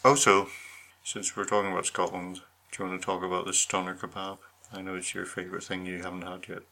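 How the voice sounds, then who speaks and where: A man's voice: low voice, monotone, fast, creaky, pushed and bright. A man co-hosting a podcast, chatting casually and teasing his co-host. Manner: teasing, incredulous. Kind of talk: casual chat.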